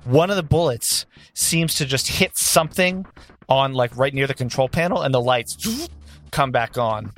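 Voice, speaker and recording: A man's voice: mid-range voice, animated, moderate pace, fairly bright tone. A man running a tabletop game as game master, narrating the action and teasing his players.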